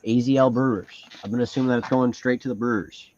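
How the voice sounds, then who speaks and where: A man with a Canadian accent hosting a live card break and reading off each card in a steady listing rhythm. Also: medium pitch, fast, highs cut off, a little hiss or hum.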